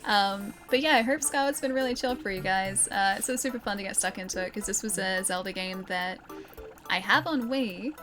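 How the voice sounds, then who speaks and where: A woman's voice: mid-range voice, a little fast, a bit bright, soft background music. A young adult woman with an Australian accent, chatting casually with her viewers while playing a game and laughing often. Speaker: streamer. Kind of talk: casual gameplay chat.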